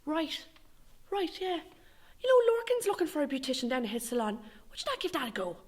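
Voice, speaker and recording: A woman's voice: high-pitched, sing-song, brisk, voice pushed up. A woman voicing a nosy older neighbour woman, prying and falsely sweet.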